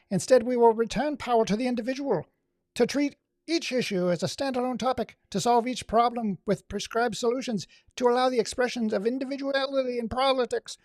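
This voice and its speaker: A man's voice: extremely high pitch, darkish tone, no echo, clean studio sound. A man streaming, reading text aloud and riffing on it with sarcastic asides in casual livestream commentary. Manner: sarcastic, reads aloud and riffs.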